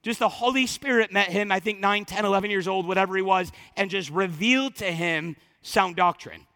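High-voiced impassioned male preacher. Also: fairly quick, hardly any pauses, in a large hall. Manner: impassioned preaching that swings from loud to hushed. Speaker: pastor. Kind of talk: sermon.

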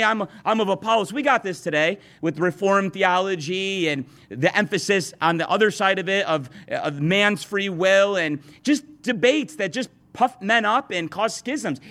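In a high, slightly bright voice, a pastor delivers a sermon directly to his congregation. His speech is earnest, with frequent restarts and repeated words.

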